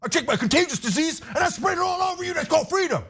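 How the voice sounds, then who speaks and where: A man doing a drawling Southern freedom-shouting yokel. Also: very high voice, animated, very fast, pitched above the performer's own voice, heavily acted. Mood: mocking. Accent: put-on Southern drawl. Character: mocking drawling freedom-shouting simpleton, male.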